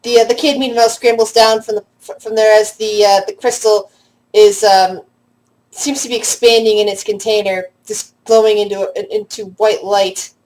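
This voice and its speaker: A woman narrating a tabletop role-play as game master, halting with frequent restarts. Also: mid-range voice, level tone, darkish tone, low-quality recording. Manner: halting, many restarts and fillers.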